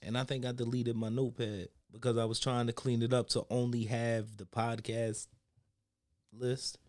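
A young man co-hosting a podcast, telling stories in a loud, animated, cursing way. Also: medium pitch, moderate pace. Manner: animated storytelling, swears a lot, gets loud when riled. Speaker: podcast co-host. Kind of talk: casual chat.

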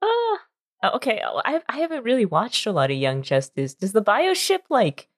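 A woman's voice: mid-range voice, sing-song, brisk, no room sound, clean studio sound. A woman co-hosting a podcast, chatting playfully with a teasing tone and many fillers. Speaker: podcast co-host. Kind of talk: casual chat.

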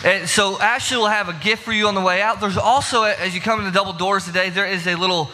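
A man's voice: sits high, steady tone, fast talker, background noise. A young man preaching a sermon in a casual, chatty way, talking straight to his congregation in a church sanctuary. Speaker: pastor. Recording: long reverb of a large hall.

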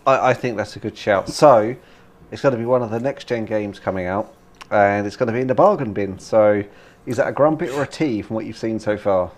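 A man with a British accent co-hosting a casual gaming podcast, animated and laughing often as he talks. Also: fairly low pitch, fairly quick. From Britain. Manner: animated, laughs while talking, many fillers. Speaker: podcast co-host.

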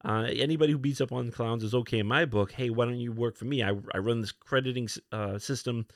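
A man hosting a podcast alone, casually retelling comic book issues, with many fillers and quick put-on lines for the characters. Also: mid-range voice, no room sound, studio quality. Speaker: podcast host.

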